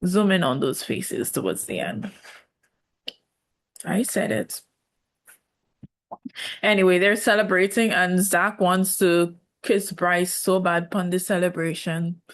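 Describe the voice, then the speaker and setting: A woman's voice: on the low side, takes it slowly, pauses often. A woman, reviewing a reality show in casual commentary, sassy and sarcastic, slipping into mocking quoted voices.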